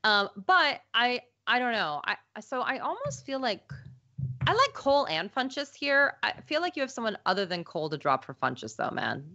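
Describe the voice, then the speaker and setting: A woman's voice: on the high side, very animated, sharp tone. A woman co-hosting a live fantasy football stream, chatting casually, laughing easily and rattling through player picks. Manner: chatty, laughs easily, reads ad copy quickly. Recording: slightly dull lo-fi live-stream audio.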